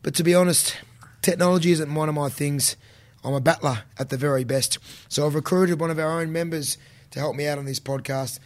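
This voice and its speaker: Aussie bloke running a podcast, matey banter, a bit high voiced. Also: male voice, fairly even intonation, a little fast. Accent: Australian. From Australia. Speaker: podcast host and running coach. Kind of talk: casual podcast chat.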